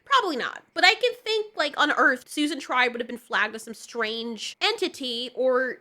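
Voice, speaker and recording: A woman's voice: high voice, lively intonation, normal speed, pushed and bright. A woman giving a casual, blunt and sarcastic reaction commentary, swearing freely as she picks apart what she watches. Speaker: video commentator.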